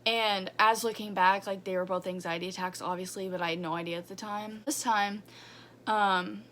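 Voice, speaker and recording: A woman's voice: medium pitch, steady tone, normal speed, bright, forceful tone. A young woman vlogging about her own experiences, candid and rambling, with many fillers. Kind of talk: personal story vlog.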